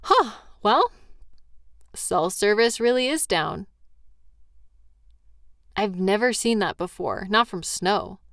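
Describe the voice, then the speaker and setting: A woman's voice: mid-range voice, sing-song, slow, long pauses, fairly bright tone, no echo, clean studio sound. A woman in a comfort role-play who is tired and yawning, talking sleepily and reassuringly to a partner. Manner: sleepy, reassuring, playful teasing. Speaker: audio role-play performer.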